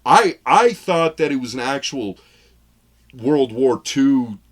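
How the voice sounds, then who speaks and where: A man's voice: medium pitch, lively intonation, slow pace. Guy cohosting a movie review podcast, rambly, puts on little voices retelling scenes. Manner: rambling, laughs at his own jokes, mimics voices when retelling. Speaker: film review podcast co-host. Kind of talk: casual chat.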